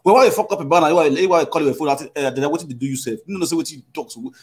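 A man's voice: on the high side, very fast, husky. A man with a Nigerian accent lecturing in casual pidgin, often asking "you understand?".

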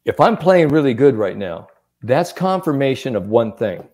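Animated man giving sports mind coaching. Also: mid-range voice, moderate pace. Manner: animated storyteller, acts out quotes. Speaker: sports psychologist guest. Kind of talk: coaching advice in podcast chat.

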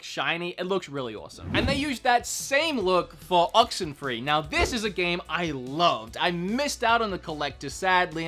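A man's voice: a little high, pushed and bright. A young man hosting a casual vlog, chatty and enthusiastic, laughing often as he talks. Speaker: YouTube game collector host.

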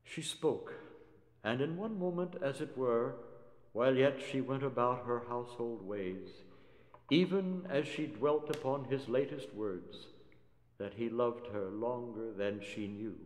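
A man reciting a narrative poem in a measured, theatrical manner. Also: medium pitch. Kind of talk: dramatic poetry recitation. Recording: roomy hall reverb.

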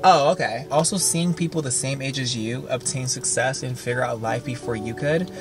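A young man with a fairly high voice, talking to camera in a sassy, campy vlog, swearing freely. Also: normal speed. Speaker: vlogger. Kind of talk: casual vlog talk to camera. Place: Los Angeles, outdoors and at home. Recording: music playing behind.

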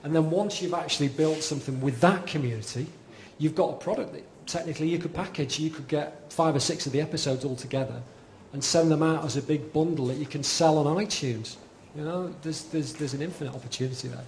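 A man's voice: fairly high pitch, a little fast, few pauses, darkish tone, slight background noise. A man giving a live talk at an event, enthusiastic and repeating words as he makes his points. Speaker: speaker at an event.

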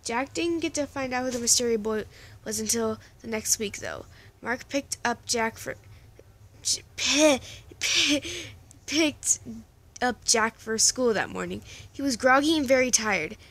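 A woman's voice: a little high, fairly bright tone. A woman reading a story, stumbling over words. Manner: casual, stumbling, self-correcting. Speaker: story reader.

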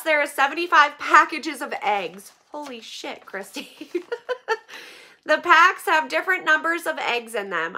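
A woman's voice: a little high, bright, forceful tone, a little hiss or hum. A woman vlogging as she opens donations, chatty with many fillers and near tears with gratitude. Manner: emotional, near tears, laughing through it. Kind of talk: casual vlog chat.

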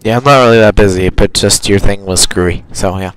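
A man's voice: fairly low pitch, brisk, fairly bright tone, smooth, poor audio. A young man casually commenting while he plays a video game, rambling and correcting himself as he goes. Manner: rambling, self-correcting, chatty. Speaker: gamer. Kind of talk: casual let's play commentary.

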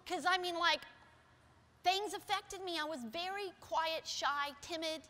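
A middle-aged woman pastor preaching a sermon with personal stories in a church, shifting from soft, quiet passages to loud, emphatic ones. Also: extremely high pitch, measured pace. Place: church sanctuary. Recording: long hall reverb.

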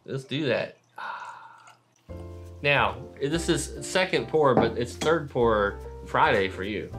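A man's voice: mid-range voice, animated, takes it slowly, fairly bright tone, faint music behind. A man co-hosting a whiskey review, chatting casually with playful, teasing banter. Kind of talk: casual tasting chat.

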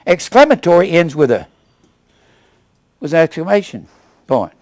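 Older man preaching, dry and lively. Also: normal speed, pauses often, no echo. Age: 70s. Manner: emphatic preaching, rising to loud punches then dropping low. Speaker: pastor. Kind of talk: sermon.

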